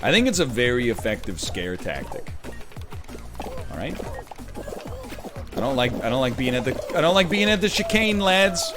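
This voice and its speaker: A man in his thirties giving casual gameplay commentary, chatty and prone to sudden excited yelling. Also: mid-range voice, moderate pace, pauses often, music in the background. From Canada. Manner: animated, jumps from chatty riffing to excited yelling at the game. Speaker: gaming commentator.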